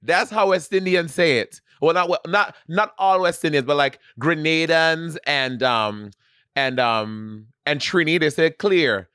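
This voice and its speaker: A man with a Saint Lucian accent chats on a podcast, animated and quick to laugh. His voice sits a little high for a man. The sound is dry and close. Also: clean tone, no echo. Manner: animated storytelling, laughs often. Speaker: podcast co-host. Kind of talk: casual chat.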